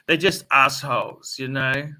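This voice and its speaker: A man's voice: mid-range voice, fairly even intonation, a little slow, bright, forceful tone. A man hosting a livestream in casual chat, rambling and ranting with plenty of swearing. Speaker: livestream host.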